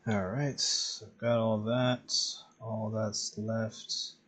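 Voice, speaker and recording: A man streaming while he draws, chatting casually in a relaxed, rambling way with plenty of swearing. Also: fairly low pitch, takes it slowly. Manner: relaxed, profane, rambling with chuckles. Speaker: streaming artist. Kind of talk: casual chat while drawing.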